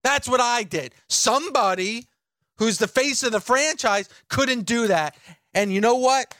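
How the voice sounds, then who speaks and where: A man's voice: very high-pitched, unhurried, bright, forceful tone, no echo, clean studio sound. A man co-hosting a talk radio show, defensive and insistent, repeating his points in heated banter.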